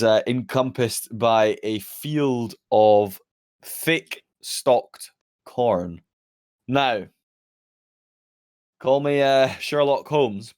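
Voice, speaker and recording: A man's voice: mid-range voice, darkish tone. A man playing a character in a tabletop game, pleading and rambling as he stumbles over his words. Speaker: player. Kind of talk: in-character tabletop role-play.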